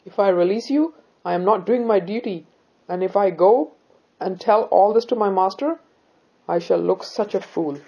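A woman reading the part of an enraged male jailer who shouts indignantly. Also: mid-range voice, normal speed, slightly rough, lo-fi sound. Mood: angry. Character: enraged middle-aged male jailer, proud and flustered.

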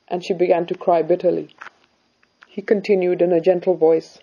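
A woman reading a devotional story aloud as narrator, in a measured storytelling way. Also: on the low side, little pitch movement, mellow, breathy edge, dull audio.

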